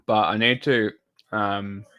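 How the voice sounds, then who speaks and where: Male streamer, casual rambling delivery, heavy swearing, bright tone. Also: lowish voice, steady tone, takes it slowly, clear, resonant tone. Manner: rambling and profane, with many restarts and fillers. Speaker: livestreamer commenting on news. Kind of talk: casual live-stream chat.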